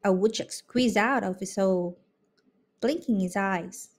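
A woman reading a children's picture book aloud in an expressive, unhurried way. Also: mid-range voice. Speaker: storybook reader. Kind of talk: children's read-aloud narration.

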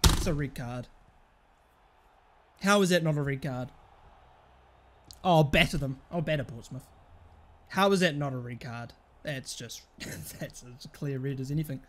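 A man commentating his football video game, swearing and shouting at the play. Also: measured pace, pauses often. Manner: swears and shouts at the game, pitch jumps high in frustration. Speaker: gaming channel host. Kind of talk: live gameplay commentary.

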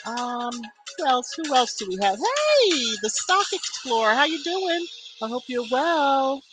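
A woman hosts a casual live stream over soft background music, greeting viewers one by one by name. Her voice sits high with lively intonation at a measured pace, rising on each greeting.

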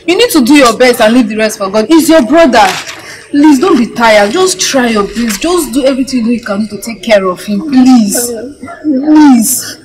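An actress playing a gentle woman who pleads and consoles. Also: a little high, animated, normal speed, a crowd in the background, lightly acted, low-quality recording. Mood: pleading. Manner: pleading, soothing.

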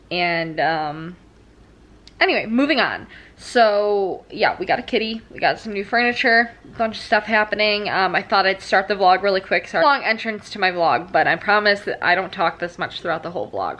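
A young woman talks casually into the camera from her couch, rambling a little and filling gaps with ums. A new tooth crown gives her speech a slight lisp. Her voice sits at an ordinary middle pitch for a woman. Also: fairly bright tone. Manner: chatty, rambling, many fillers. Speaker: vlogger. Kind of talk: casual vlog chat. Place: living room at home, on the couch.

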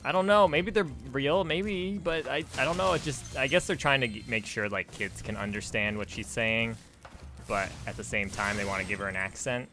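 A man giving casual, rambling commentary while playing a video game, chatty and quick to laugh. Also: medium pitch, sharp tone, faint music behind. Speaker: let's play host.

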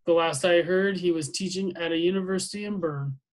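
A man's voice: high-pitched, brisk, close to an everyday voice. A man voicing a nervous young lieutenant who speaks hesitantly and apologetically. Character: nervous young male lieutenant, anxious to please.

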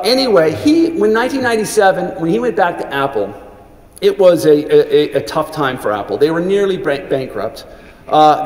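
A middle-aged man with a darkish voice on the high side speaks at a commencement in a large hall. He tells earnest anecdotes, restarting many times, and chokes up briefly. The recording echoes with hall reverb.

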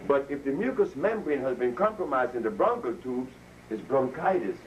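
In a mid-range voice with lively intonation and a moderate pace, a man addresses a live audience in an informal health talk, telling stories, laughing at his own jokes, and voicing the people he quotes. The sound comes from a distant mic with faint noise.

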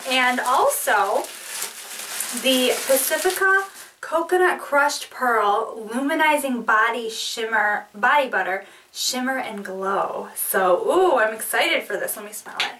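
A woman beauty vlogger in casual chat, opening a package, giggly, excitable and apologetic. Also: fairly high pitch, slow pace, far from the mic, slight background noise, poor audio.

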